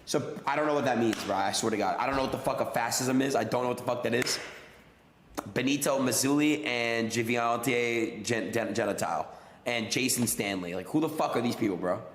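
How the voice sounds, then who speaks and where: A man's voice: mid-range voice, a little fast. A man stumbling while reading aloud, swearing and saying bro. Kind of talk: casual on-stream chat. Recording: echoey room with faint noise.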